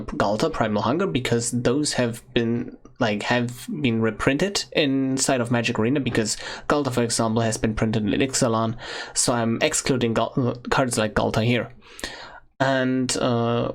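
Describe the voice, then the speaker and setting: A man casually talking through a card game crafting guide as a video creator, chatty and often ending points with a quick "right?". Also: medium pitch.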